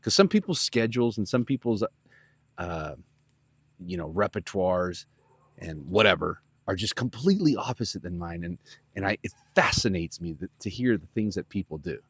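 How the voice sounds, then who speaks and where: A man with a deep, low voice tells a casual story as a podcast host. He rambles and gets animated, with plenty of "like" and "you know". The sound is dry and close. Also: normal speed, husky, no echo. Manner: rambling, animated, lots of fillers.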